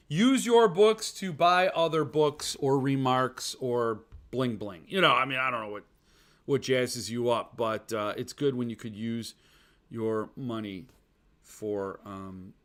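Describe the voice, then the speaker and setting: A man's voice: medium pitch, sharp tone. A man hosting a casual live stream, rambling as he reads viewers' chat aloud and answers it with self-deprecating jokes. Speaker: podcast host.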